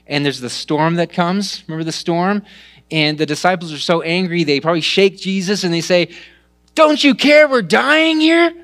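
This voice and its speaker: Animated male pastor preaching. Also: a little high. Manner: animated storytelling, dropping to hushed tones. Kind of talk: sermon.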